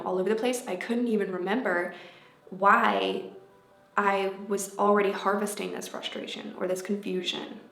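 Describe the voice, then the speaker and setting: A woman vlogger telling a personal story to camera in a casual, animated way, acting out what was said. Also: medium pitch. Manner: animated, acts out quotes in changing voices. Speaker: vlogger and life coach. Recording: echoey room with faint background music.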